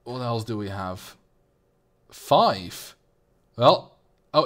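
A man's voice: medium pitch, expressive, measured pace, pauses often, a bit bright. A young man from the Netherlands with a Dutch accent, chatting loosely on a livestream and answering his chat as he plays. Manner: rambling, reads chat aloud and answers. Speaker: streamer.

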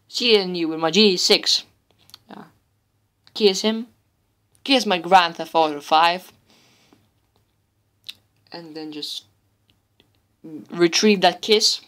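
Slow rambling woman gamer commentator. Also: on the low side, a bit bright. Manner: rambling, repetitive, chatty. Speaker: gameplay commentator. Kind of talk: casual let's-play commentary.

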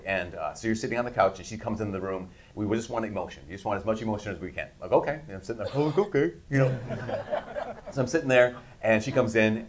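Brief: 50s man, low voice, interview guest, animated and laughing anecdotes. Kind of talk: casual storytelling.

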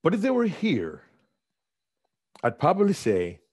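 A man's voice: fairly high pitch, unhurried, breathy edge. Older guy giving a keynote speech, tells stories big and dramatic, voice jumps all over. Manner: dramatic storytelling, animated. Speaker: keynote speaker.

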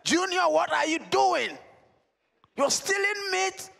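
A man's voice: extremely high pitch, expressive, takes it slowly, vocal fry, sharp tone, big-room sound, voice pushed up, exaggerated voice. A man voicing a strict, pompous middle-aged Nigerian father who speaks in stern, proper English. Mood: indignant.

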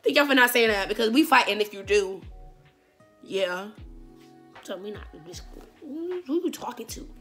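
A woman's voice: a little high, animated, normal speed, pauses often, fairly bright tone, soft background music. A woman hosting a reaction video, chatty and rambling, laughing often. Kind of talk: casual reaction commentary.

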